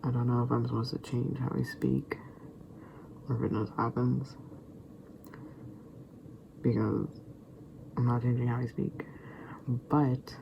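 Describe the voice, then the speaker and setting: A man's voice: medium pitch, a little slow, gravelly, pauses often, lo-fi sound. A young man vlogging in a casual rambling monologue, stammering through restarts and dropping into whispered asides. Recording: steady background noise.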